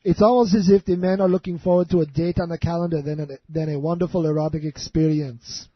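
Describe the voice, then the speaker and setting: A man's voice: a little high, fairly even intonation, fast, no room sound, highs cut off. A man hosting a radio show, reading odd news items jokily and laughing as he goes. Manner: jokey, laughs while reading.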